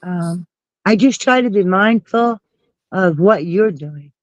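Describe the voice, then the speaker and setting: A woman's voice: mid-range voice, expressive, slow pace, no room sound. A woman with a stuffy cold, calling in on a phone for a casual chat and laughing often. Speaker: guest caller. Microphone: phone call. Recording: dull muffled phone audio.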